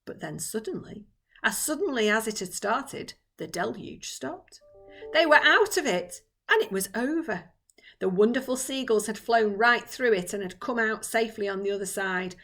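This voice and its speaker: A woman's voice: medium pitch, expressive, moderate pace, fairly bright tone, soft background music. A woman teacher reading a children's book aloud with dramatic expression.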